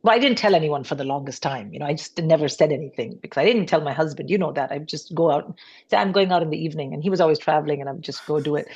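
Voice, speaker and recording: Low-voiced woman comedian, animated storytelling. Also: rapid-fire, slightly rough, muffled recording. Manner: animated, acts out family members' voices, swears casually. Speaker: comedian guest. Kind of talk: podcast interview storytelling.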